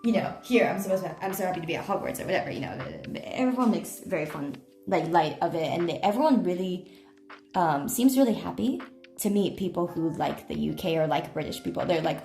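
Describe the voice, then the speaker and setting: A woman's voice: lowish voice, animated, brisk, creaky, darkish tone. A woman streamer chatting casually, telling rambling stories full of fillers and self-corrections. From United States. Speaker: IRL streamer. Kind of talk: casual live-stream chat.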